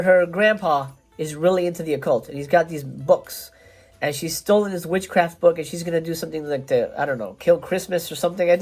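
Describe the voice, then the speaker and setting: A man hosting a casual film review show, talking in a chatty, rambling way with lots of fillers and restarts. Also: fairly high pitch.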